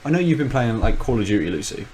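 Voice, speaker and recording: A man's voice: mid-range voice, very animated, quick pace, darkish tone, a little hiss or hum, poor audio. A man, co-host of a podcast, in casual chat, rambling and thinking aloud with many restarts.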